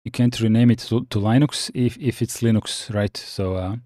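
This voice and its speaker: A man chatting casually on a live stream, reading out viewer comments and answering with frequent pauses and restarts. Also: fairly low pitch, steady tone, dark tone, dry recording, clean studio sound. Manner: halting, many fillers and restarts, reads chat aloud.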